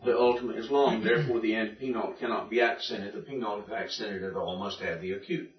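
A man's voice: on the low side, fairly even intonation, fast talker. Male teacher, patient drilling lecture, recorded from the back of an echoey room, muffled lo-fi sound. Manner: patient, methodical, repeats and drills. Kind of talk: classroom lecture. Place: classroom. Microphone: room recording from a distance. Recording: distant echoey classroom recording, dull lo-fi.

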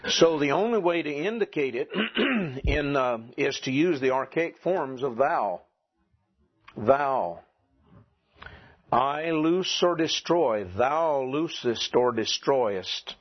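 Southern male teacher, slow, husky voice, dull lo-fi classroom tape. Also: on the high side, lively intonation. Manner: slow, deliberate, drills pronunciation. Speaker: Greek teacher. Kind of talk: classroom lecture.

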